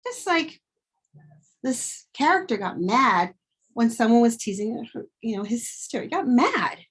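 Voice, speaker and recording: A woman's voice: a little high, breathy edge. A woman teacher modeling a vocabulary lesson, acting out feelings in her examples and then explaining her method. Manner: expressive, acts out emotions in examples, slow deliberate delivery. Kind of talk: teacher demonstration.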